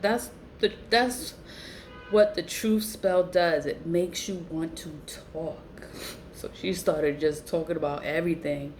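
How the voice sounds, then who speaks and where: A woman, telling a family story to her viewers in a blunt, animated way and swearing freely. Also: slight background noise. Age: 40s. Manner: animated, blunt, swears freely, voice jumps high when incredulous. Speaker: vlogger. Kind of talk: casual storytelling to camera.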